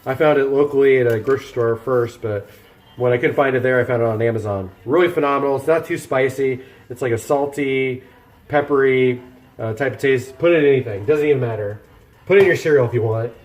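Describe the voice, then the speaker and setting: Cooking in a home kitchen, a man streams casual chat to his viewers and live chat, rambling and teasing himself. His mid-range voice is brisk with a darkish tone, and the sound is reverberant.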